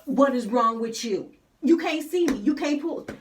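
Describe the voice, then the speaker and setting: A woman voicing a furious passenger yelling at other drivers, scolding in rapid-fire outrage. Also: mid-range voice, recorded from a distance, background noise, voice pushed up, close to an everyday voice.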